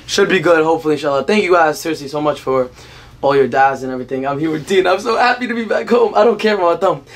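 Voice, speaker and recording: A man in his twenties talking casually to his vlog viewers from home, energetic and playful with lots of fillers. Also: a little high, fast talker. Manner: energetic, playful, talks in bursts with many fillers. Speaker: vlogger. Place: family home indoors.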